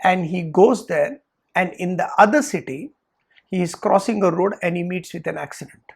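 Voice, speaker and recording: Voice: mid-range voice, moderate pace, gravelly, slightly rough. A Vedanta teacher, retelling a story in a lecture and briefly voicing the characters in quotes.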